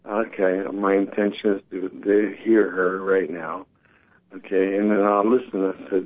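A man talking earnestly in a casual conversation, telling animated stories and quoting other people, heard over a phone call. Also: deep voice, unhurried. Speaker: guest. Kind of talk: casual talk show conversation. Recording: tinny phone-line sound.

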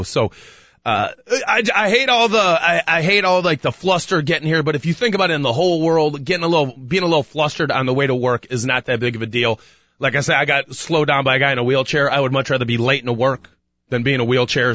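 A man hosting a sports talk radio show, telling a rambling story in a casual way and getting animated when he retells it. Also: mid-range voice, dry recording, highs cut off. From Chicago. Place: radio studio.

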